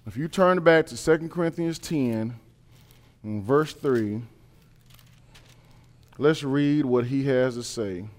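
A man's voice: takes it slowly, long pauses. A man preaching a sermon, reading scripture and building to emphatic, repeated points. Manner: builds from calm reading to loud, high-pitched emphatic preaching.

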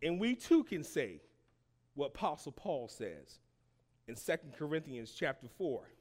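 Impassioned preacher, high lively voice. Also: male voice. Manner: call-and-response preaching, rising to shouts; slow, emphatic phrasing with long pauses. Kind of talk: sermon.

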